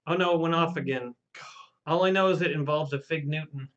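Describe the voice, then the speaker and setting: A man playing a deadpan, mysterious drinker in a coat, hosting live comedic banter. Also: a little high, brisk, lo-fi sound, natural voice. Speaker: host.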